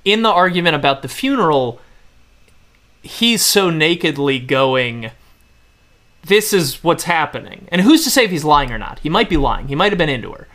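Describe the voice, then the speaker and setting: Animated man with a higher voice. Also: moderate pace. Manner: animated, laughs between points. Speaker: podcast co-host. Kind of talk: casual film discussion.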